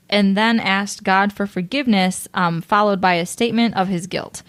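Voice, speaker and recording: A woman's voice: medium pitch, normal speed, hardly any pauses, a bit bright. A woman co-hosting a podcast, telling a true-crime case in casual chat from her notes, with hesitant fillers and a playful tone. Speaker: podcast co-host.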